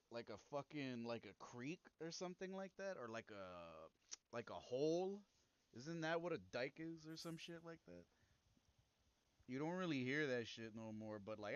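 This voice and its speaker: A man's voice: medium pitch, a bit bright, no echo, muffled recording. Crude rambling man streaming a game. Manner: crude, rambling, reads game text aloud. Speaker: gameplay streamer. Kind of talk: casual gaming commentary.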